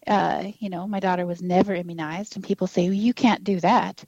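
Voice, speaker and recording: A woman's voice: fairly low pitch, steady tone, fairly quick, a little mellow, dry recording. A woman in her fifties telling a personal story in a casual interview, acting out quoted dialogue and laughing often. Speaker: guest. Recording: dull lo-fi dry recording.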